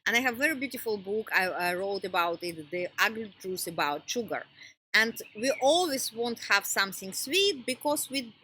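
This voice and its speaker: A woman giving an informal wellness lesson in non-native English phrasing, often pausing to search for words. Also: mid-range voice, animated, pushed and bright, slightly rough, rough recording. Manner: halting, pauses to search for words. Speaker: wellness teacher. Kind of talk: informal teaching talk.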